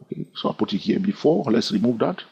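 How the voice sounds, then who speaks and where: A man with a non-native English accent walks through trading charts in a chatty, teasing way, his pitch swinging up and down as he talks. His voice is a little husky. The recording sounds dull and lo-fi. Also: lively intonation, fast talker, darkish tone. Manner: chatty, teasing, checks in with "all right?". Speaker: trading educator. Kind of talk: screen-recorded chart lesson.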